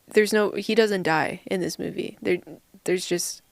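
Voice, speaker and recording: A woman's voice: medium pitch, fairly even intonation, a little slow, gravelly, no echo, clean studio sound. A woman co-hosting a podcast in a casual movie review chat, laughing often as she pokes fun at a film. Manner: laughs often, mocking and playful. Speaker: podcast co-host.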